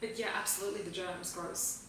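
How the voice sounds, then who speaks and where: A woman's voice: on the low side, fairly even intonation, brisk, fairly bright tone. A woman co-hosting a podcast in casual chat, blunt and teasing and often laughing, recorded with poor, echoey sound. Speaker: podcast co-host. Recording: echoey distant room with poor sound and faint noise.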